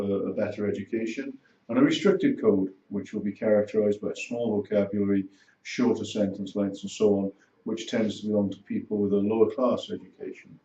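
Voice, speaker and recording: A man giving a recorded lesson summary as a lecturer, speaking in measured, short phrases. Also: mid-range voice, warm tone. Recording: roomy, distant, dull sound.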